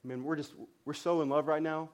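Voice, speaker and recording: Speaking quickly in a strikingly high voice, a man in his thirties preaches to his congregation like a pastor. His storytelling is animated and self-deprecating, with frequent restarts mid-phrase.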